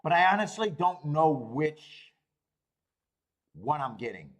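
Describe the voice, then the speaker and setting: A man's voice: fairly high pitch, big pitch swings, slow pace. A man in his thirties hosting a live stream, chatting casually, swearing freely and rambling with frequent laughs. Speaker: host of a live streaming show. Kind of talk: casual chat reading live chat.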